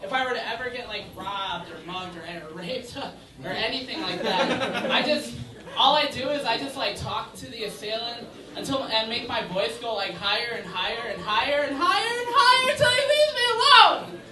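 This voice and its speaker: A young man with a very high, animated voice does stand-up in a bar at normal speed, rambling and leaning heavily on filler words. The distant mic catches an echoey room and the crowd.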